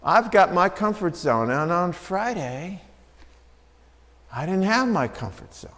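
A man preaching a sermon as pastor, telling a Bible story and acting out the quoted lines with changes in pitch and loudness. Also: sing-song, takes it slowly. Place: church sanctuary. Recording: church sanctuary with long reverb.

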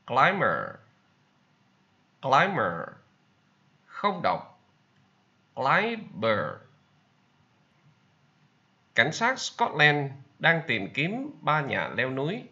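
A man's voice: on the high side, huge pitch swings, extremely slow, long pauses, pushed and bright, muffled recording. A man teaching English vocabulary, repeating each word and sentence for learners to copy. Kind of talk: vocabulary drill lesson.

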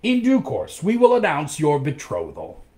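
A man's voice: on the high side, huge pitch swings, moderate pace, darkish tone. A man reading aloud and voicing a scheming old male dollmaker in a storybook tale. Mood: smug.

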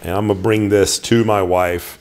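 Man, middle-aged, low-ish voice, casual show-and-tell, enthusiastic, rambling. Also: fairly even intonation, moderate pace, a little mellow, slight background noise. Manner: enthusiastic, rambling with restarts and fillers. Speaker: knife collector reviewing knives.

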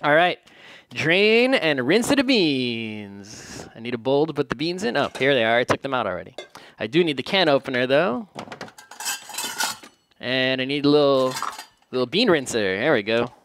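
Man, mid-pitched, chatty home-kitchen cook, self-deprecating jokes, faint hiss behind. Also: sing-song, normal speed, a bit bright. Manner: joking, rambling, self-deprecating. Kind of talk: casual cooking narration.

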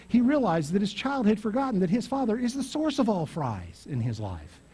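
A male pastor preaching a sermon, telling stories with loud, emphatic rises. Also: high-pitched, sing-song, a little fast, husky.

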